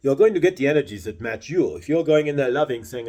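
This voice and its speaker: A man speaking as a spiritual channeler, delivering a slow, deliberate talk full of repeated questions. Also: mid-range voice, lively intonation, mellow.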